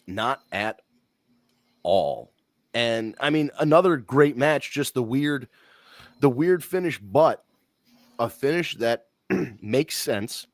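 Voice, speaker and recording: Blunt, swearing wrestling podcast host. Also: male voice, mid-range voice, takes it slowly, no echo. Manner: blunt, swears casually, rambling opinions. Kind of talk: casual wrestling talk.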